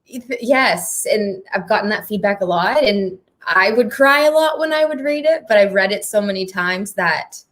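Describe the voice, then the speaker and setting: A woman's voice: mid-range voice, animated, moderate pace, few pauses, fairly bright tone. A woman moderating a live panel conversation on stage. She speaks in an earnest, heartfelt way and laughs often. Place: performing arts centre stage.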